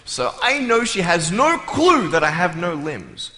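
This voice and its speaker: A playful Australian man tells jokes and acts out scenes in a motivational talk to a live crowd. His voice sits high and comes across very bright and sharp. It rings through a large hall with a long, roomy reverb. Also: big pitch swings, measured pace. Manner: playful, joking storyteller who acts out scenes. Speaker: motivational speaker. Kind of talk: humorous motivational speech. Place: large hall, on stage before an audience.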